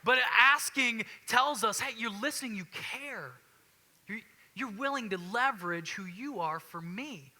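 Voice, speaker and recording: A man's voice: extremely high pitch, expressive, measured pace, pushed and bright. A man in his thirties preaching a sermon in a church, conversational and earnest, often restarting and repeating phrases. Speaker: pastor. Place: church sanctuary.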